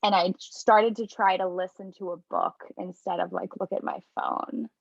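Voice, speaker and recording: A woman's voice: medium pitch, fairly even intonation, normal speed, gravelly, no room sound, dull audio. A woman therapist co-hosting a podcast, talking candidly and reflectively about her emotions, swearing casually, recorded over a remote call. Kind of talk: casual chat.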